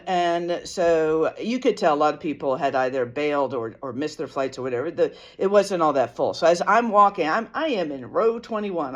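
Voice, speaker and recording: A woman's voice: on the low side, muffled recording. A tired woman telling a story casually in a rambling, self-deprecating way, with many fillers and restarts. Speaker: vlogger.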